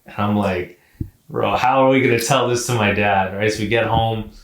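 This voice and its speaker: A man co-hosting a podcast, telling a personal story in a casual, animated way, swearing and saying "like" often. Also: on the low side, normal speed, reverberant, a little hiss or hum. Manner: animated, profane, repeats words and says "like" often. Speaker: podcast co-host.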